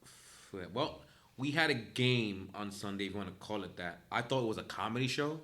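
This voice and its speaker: A man's voice: fairly low pitch, animated, moderate pace, bright, forceful tone. A young man co-hosting a sports podcast, blunt and joking, swearing casually as he breaks down a game. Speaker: podcast co-host.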